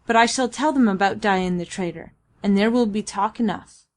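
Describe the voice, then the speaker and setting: A woman voicing a gruff boatman who mutters and growls in an audiobook. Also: medium pitch, normal speed, lightly acted. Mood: growling.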